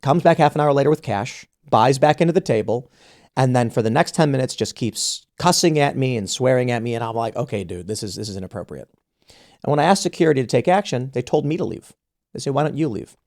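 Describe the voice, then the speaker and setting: A man of average pitch hosting a podcast and telling a story in casual conversation. He acts out what others said to him and often restarts his sentences as he goes. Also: quick pace. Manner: animated storyteller acting out quoted exchanges, frequent restarts. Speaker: podcast host.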